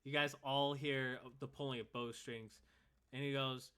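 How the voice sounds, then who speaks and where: A man narrating as game master of a tabletop game, speaking in a relaxed way with many fillers. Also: mid-range voice, measured pace, smooth.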